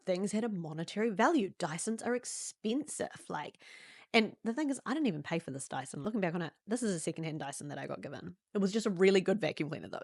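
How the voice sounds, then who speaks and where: Brief: young New Zealand woman, podcast host, low-pitched, candid personal storyteller, dry close sound. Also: creaky, dry recording. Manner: animated, acts out quotes in sudden high voices.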